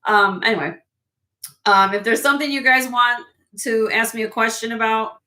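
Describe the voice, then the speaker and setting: A woman hosts a live jewelry sale, chatting casually and laughing often. Her voice sits a little high and rings sharply bright, with a slight hoarseness from losing her voice. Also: fairly even intonation, normal speed. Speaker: host and jewelry seller.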